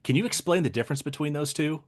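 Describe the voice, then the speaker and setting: A man hosting a podcast, asking his guest questions in a friendly, relaxed way. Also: fairly high pitch, fast talker. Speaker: podcast host. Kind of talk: interview questions.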